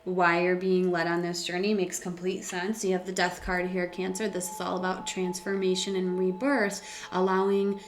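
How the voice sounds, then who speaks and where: A woman's voice: lowish voice, completely flat delivery, moderate pace, hardly any pauses, roomy sound. A woman giving a casual tarot reading, talking in a rambling way with many fillers and restarts. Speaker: tarot reader.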